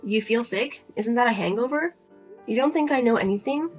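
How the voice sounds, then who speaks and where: A woman's voice: a little high, a little fast, faint music behind, pitched below the performer's own voice, lightly acted. A woman doing a blunt, cold daughter. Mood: firm, exasperated. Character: single adult daughter, firm and exasperated.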